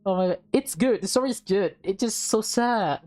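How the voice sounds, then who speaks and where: A woman's voice: mid-range voice, normal speed, a little mellow, faint music behind. A young woman streaming a visual novel, reading it aloud and reacting emotionally with laughs. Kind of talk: casual let's-play reading and reactions.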